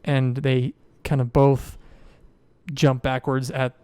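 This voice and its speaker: A man's voice: mid-range voice, flat delivery, takes it slowly, dark tone, smooth, no room sound. A man narrating as game master in a loose way, with many fillers and restarts.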